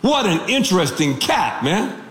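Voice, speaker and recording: A man preaching a radio sermon as a pastor, telling stories in an animated, joking way. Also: sits high, unhurried, reverberant.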